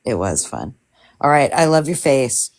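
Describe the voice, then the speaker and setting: A woman's voice: a bass voice, sing-song, measured pace, darkish tone. A woman joining a livestream to check on a friend, affectionate and comforting. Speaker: livestream guest. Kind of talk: casual chat.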